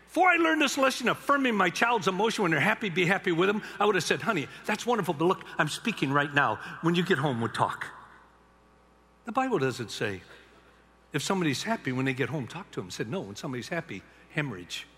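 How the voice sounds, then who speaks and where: An older man preaches to a packed arena, his voice swinging between hushed tenderness and loud, animated emphasis. His tone is bright and a little husky, and it rings out with a long hall echo. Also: a little high, fast talker. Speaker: speaker to a men's gathering. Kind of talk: sermon-style storytelling talk. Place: large arena or stadium.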